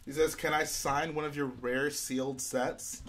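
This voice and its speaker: A young man hosting a casual live stream, reading out viewer comments and answering them in a relaxed way while he builds. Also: fairly high pitch, measured pace. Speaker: livestream host.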